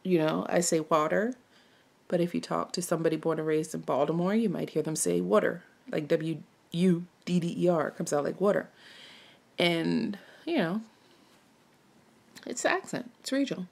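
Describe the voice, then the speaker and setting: A woman's voice: lowish voice, normal speed, creaky, darkish tone. A woman from Maryland chatting casually while she stitches, rambling and musing aloud with lots of self-questions. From Maryland, United States. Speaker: cross-stitch vlogger.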